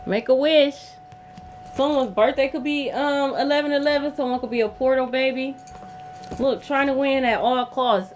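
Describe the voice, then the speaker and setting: A woman's voice: high-pitched, normal speed, a little mellow. A woman giving a casual tarot reading to camera, emphatic and blunt, swearing freely and repeating lines for effect. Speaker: tarot reader. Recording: dull lo-fi audio with hum.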